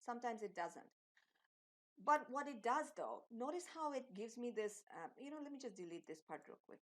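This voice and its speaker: A woman's voice: a little high, expressive, moderate pace, a bit bright. Woman explaining code step by step. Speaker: web design instructor. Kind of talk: screen-recorded coding tutorial.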